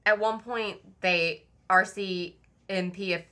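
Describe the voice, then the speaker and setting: Chatty, swearing woman with a bright voice. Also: mid-range voice, fairly even intonation, slow pace. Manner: chatty, swears often, heavy use of "like". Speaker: podcast co-host telling a true crime story. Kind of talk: casual true crime chat.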